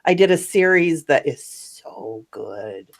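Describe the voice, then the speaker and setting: A woman who narrates stories, talking casually as host of a chat. Her voice sits low but swings widely in pitch, and she speaks slowly. She rambles and laughs often. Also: animated.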